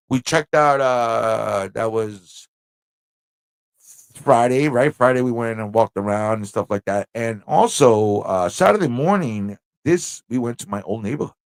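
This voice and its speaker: With his New York accent and mid-range voice, this man from Corona, Queens hosts a livestream and spins a story casually and animatedly, doing voices and laughing a lot. The recording has no room sound.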